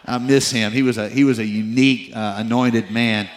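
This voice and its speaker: A middle-aged male pastor preaching a sermon, moving between loud emphatic peaks and low confiding asides, with teasing, self-deprecating humor. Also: steady tone, normal speed, hardly any pauses, a little hiss or hum, rough recording.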